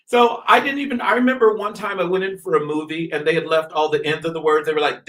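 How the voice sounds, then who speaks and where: A man's voice: on the high side, fast, hardly any pauses. A man from the American South, a fashion designer who is a guest on a radio interview and tells stories animatedly, often restarting his sentences. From US South, North Carolina. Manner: animated storytelling with many restarts.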